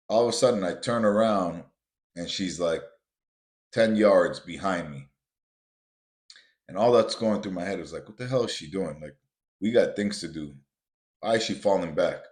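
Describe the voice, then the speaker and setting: Deep-voiced man telling a motivational story. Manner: builds to emphatic, repetitive punches; casual, addresses listeners as guys. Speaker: podcast host. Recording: roomy echo.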